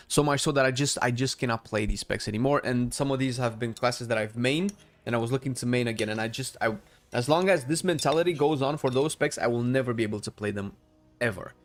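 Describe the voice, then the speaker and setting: A man streaming a game, chatting casually with viewers and giving blunt opinions while thinking aloud with frequent restarts. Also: medium pitch. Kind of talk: casual live-stream commentary answering chat.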